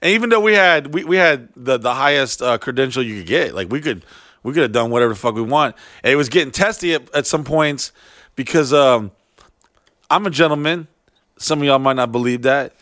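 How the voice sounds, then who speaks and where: A man and touring artist telling backstage stories in casual chat, profane and animated, putting on high mocking voices when he quotes people. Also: fairly quick, no room sound, studio quality. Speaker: touring artist, podcast co-host.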